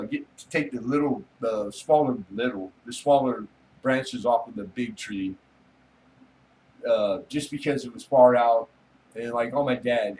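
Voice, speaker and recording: A man's voice: lowish voice, darkish tone, distant mic, a little hiss or hum, poor audio. A man hosting a casual late-night livestream, rambling, joking and swearing casually with his viewers. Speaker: livestream host chatting with viewers.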